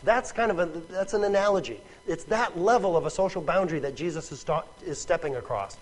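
A man's voice: on the high side, brisk, rough recording. A man preaching a sermon in a conversational, emphatic way, often repeating words and checking with "right?".

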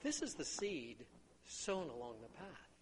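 Lively high-voiced older man preaching. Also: measured pace, slight background noise. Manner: conversational storytelling with acted-out quotes. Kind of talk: sermon teaching on a parable.

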